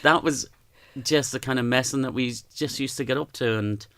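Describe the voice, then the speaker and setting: An Irish man telling stories as a podcast guest, gentle and halting, with frequent restarts. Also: medium pitch, clear, resonant tone, no echo. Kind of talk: reflective storytelling.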